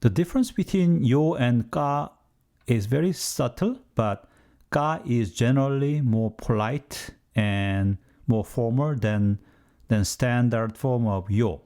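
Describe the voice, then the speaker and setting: A man's voice: mid-range voice, unhurried, dark tone. A man giving a scripted language lesson, explaining steadily with the odd joking aside. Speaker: language teacher.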